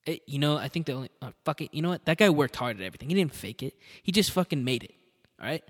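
A man's voice: on the high side, expressive, quick pace, in a large hall. A man hosting a solo podcast, rambling casually and swearing a lot. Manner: rambling, profane, with laughs. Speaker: podcast host.

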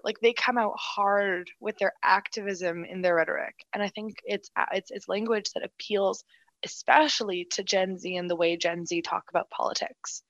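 Bright, animated woman chatting politics. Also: mid-range voice, dry recording, rough recording. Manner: animated, quick, frequent "like" and restarts. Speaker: political commentator, co-host. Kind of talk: casual political chat.

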